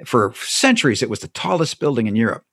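Brief: man, expressive pitch, emphatic storyteller, dry close sound. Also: quick pace, no room sound. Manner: lively, emphatic, with frequent restarts. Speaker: guest speaker on theology. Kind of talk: animated conversational storytelling.

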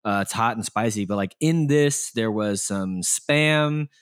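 Man, podcast co-host, lowish voice, dry close mic, rambly, teasing storyteller. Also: measured pace, clear, resonant tone, no echo. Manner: storytelling with many fillers, teasing. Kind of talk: casual podcast chat.

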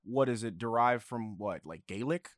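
A young man speaks in an ordinary mid-range voice, relaxed and easygoing. His sentences often trail off softly. The recording is dry and close-miked. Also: medium pitch, normal speed, dry recording. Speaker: podcast guest. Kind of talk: casual chat.

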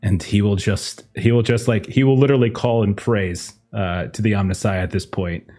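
A man's voice: lowish voice, fairly even intonation, moderate pace, warm tone. A man playing a tabletop game who rambles while describing his character's actions. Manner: rambling, many fillers and restarts. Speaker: player. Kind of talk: tabletop game play and narration.

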